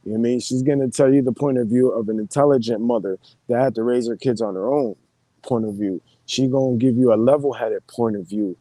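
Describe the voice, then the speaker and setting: Chill guy on a live stream, slangy and easygoing, mellow tone, dry sound. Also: medium pitch, a little fast, no echo. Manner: laid-back, slangy, greets viewers. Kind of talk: casual live-stream chat.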